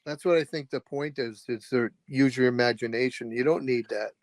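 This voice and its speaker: A man in a casual film discussion, speaking in halting, hesitant phrases. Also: medium pitch, no echo. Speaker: podcast co-host.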